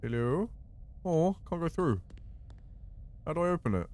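A man commentating a horror game playthrough, swinging from quiet muttering to panicked shouts. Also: a little high, big pitch swings, normal speed. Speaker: gaming video host.

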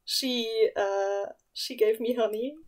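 A woman's voice: a little high, fairly even intonation, takes it slowly. A woman co-hosting a podcast in casual chat, playful and giggly, rambling a little. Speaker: podcast co-host.

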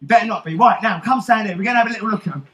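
Guy doing a cheeky swaggering pirate captain, bright voice, teasing the audience in an echoey hall. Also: high-pitched, racing. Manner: theatrical, teasing, calls out to the crowd. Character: swaggering rum-loving male pirate captain. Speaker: stage actor. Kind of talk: live children's stage show with audience banter. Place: theatre stage.

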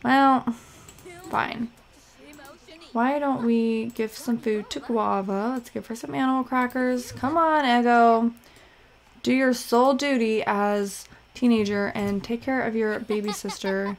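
A woman's voice: fairly high pitch, fairly even intonation, unhurried. Chatty young woman narrating her gameplay. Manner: chatty, scattered, bossing her game characters around. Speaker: let's play host. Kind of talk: casual gameplay commentary.

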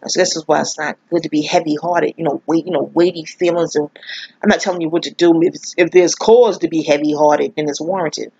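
New woman, husky, chatty and profane storyteller, dry lo-fi audio. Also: low voice, steady tone, brisk, mellow, dry recording. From New York. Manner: candid, profane, rambling storyteller who laughs often. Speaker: astrology vlogger. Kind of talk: casual spoken monologue. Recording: dull lo-fi audio.

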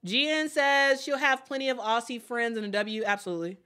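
Woman, live stream host, casual commentary, chatty, excitable, repeats herself, bright tone. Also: on the high side, a little fast. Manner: reads viewer comments aloud. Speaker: host of a draft watch party stream.

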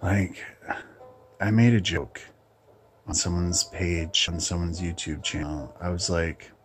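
A man hosting his own channel, ranting bluntly in a casual, halting monologue. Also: sits low, steady tone, faint music behind. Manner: blunt, opinionated, halting with restarts. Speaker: channel host.

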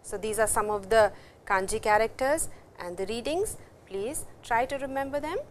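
A woman's voice: fairly high pitch, slight background noise. Patient woman teaching a language lecture. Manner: slow, patient, stresses vowel lengths and repeats words. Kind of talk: recorded university lecture.

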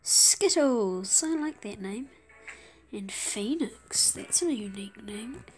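A woman giving gameplay commentary, often dropping to a whisper and breaking into excited bursts. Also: medium pitch, takes it slowly, faint music behind. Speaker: gamer.

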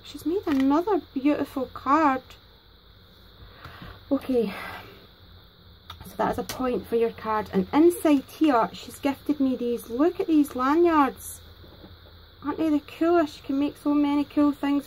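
A Scottish woman hosting a crafting vlog, gushing excitedly and a bit nervously over gifts. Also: high-pitched, slight background noise, rough recording. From Scotland. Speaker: crafting channel host. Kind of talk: casual unboxing vlog.

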